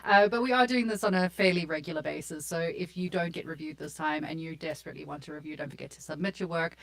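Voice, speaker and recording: Woman, South African accent, joking, low voice, casual stream host. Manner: joking, self-mocking, chatty. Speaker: co-host of a live portfolio review stream. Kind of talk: casual live-stream chat. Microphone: desk mic on a live stream.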